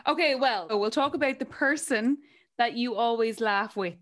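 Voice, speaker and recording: A woman's voice: a little high, moderate pace, a bit bright. An Irish woman hosting a podcast interview, asking short questions in a teasing way. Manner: teasing, brief prompting questions. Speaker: podcast host. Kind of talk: casual interview.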